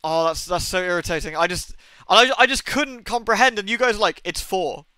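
A young man chats loosely to his viewers while playing a game, with frequent cursing and exasperated tangents. His voice sits a little high for a man and sounds bright and crisp. It is recorded dry and close, with faint game music underneath. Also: expressive, brisk, no room sound. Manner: swears often, rambling and exasperated, talks to chat. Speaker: streamer. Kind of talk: casual live-stream chat while gaming.

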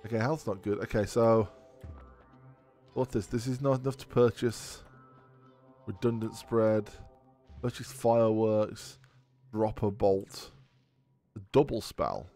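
A man giving casual let's play commentary while thinking aloud, excitable and swearing often. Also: lowish voice, slow, long pauses, faint music behind. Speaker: gaming video creator.

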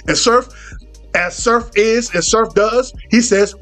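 A man's voice: sits high, takes it slowly, fairly bright tone, soft background music. A man telling a comedic story in a profane, rambling way, full of restarts and quoted dialogue.

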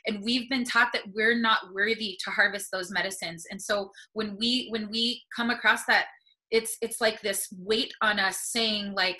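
Bright earnest woman on a webinar. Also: medium pitch, fairly even intonation, moderate pace, low-quality recording. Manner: earnest, encouraging, emotional. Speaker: panelist on plant medicine. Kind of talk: webinar talk. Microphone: video call.

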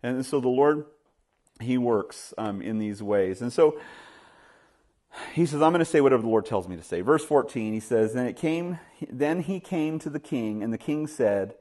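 A man preaching a sermon as pastor, telling stories and acting out the dialogue, often with "you know", rising louder and higher to stress his points. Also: expressive, moderate pace. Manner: storytelling, acts out dialogue, rises loud and high when stressing points; many fillers like "you know".

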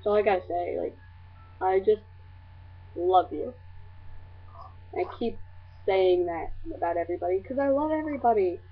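A woman's voice: medium pitch, normal speed, pauses often, husky. A teenage girl vlogging casually to her friends, gushing and rambling with lots of fillers. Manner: gushing, scattered, filler-heavy. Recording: tinny lo-fi webcam audio.

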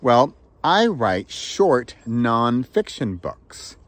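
A playful male host who swings his pitch up and down freely and throws in quick laughs. His voice is recorded close and dry, with no room sound. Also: no echo. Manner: playful, animated, swings pitch and pace for effect; laughs between phrases. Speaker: author and audiobook narrator, video host. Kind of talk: casual talking-head vlog.

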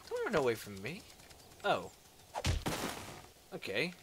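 A man giving casual let's play commentary, playfully talking to game creatures and breaking into excitable exclamations. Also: mid-range voice, measured pace, pauses often, noisy background.

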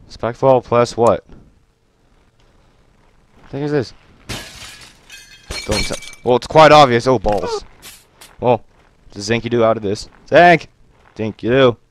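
A young man doing gameplay commentary on a headset mic at home, excitable and yelping at the game. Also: medium pitch. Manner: excitable, yelps and shouts at the game. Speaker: gaming YouTuber.

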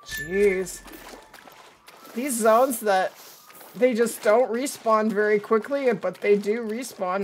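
A woman's voice: medium pitch, unhurried, slight background noise. A middle-aged woman streaming a hunting game live, chatting with viewers and answering their comments as she plays.

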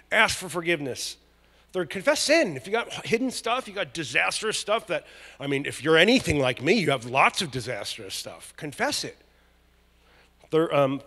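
A male pastor preaching a conversational, joking sermon that builds to loud emphatic peaks. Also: high-pitched. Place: large church hall. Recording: long church hall reverb.

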